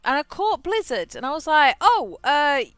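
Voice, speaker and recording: A woman's voice: sits high, big pitch swings, a little fast, fairly bright tone, no room sound. A woman, chatting as she streams a game and telling a rambling story full of restarts. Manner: rambling storyteller, frequent restarts and repeated words. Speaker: livestreamer. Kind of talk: casual chat while playing a game.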